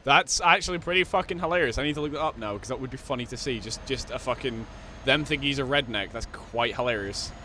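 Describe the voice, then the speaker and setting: Bright-voiced crude joking man. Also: mid-range voice, fast, a little hiss or hum. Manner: crude, laughing, profane banter. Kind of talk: casual chat on a game stream.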